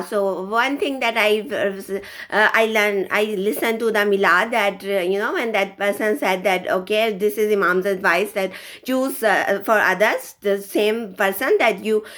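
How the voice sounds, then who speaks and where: A middle-aged woman in a casual vlog monologue, speaking haltingly and often stopping to restart. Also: fairly high pitch, a bit bright. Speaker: vlogger.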